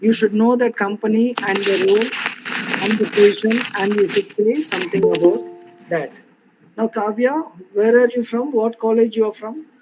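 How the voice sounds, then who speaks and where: A man teaching a soft skills class over a video call, repeating points and filling pauses with "you know" and "uh". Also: high voice, faint music behind, low-quality recording. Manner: repetitive, explains with fillers. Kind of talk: online class instruction.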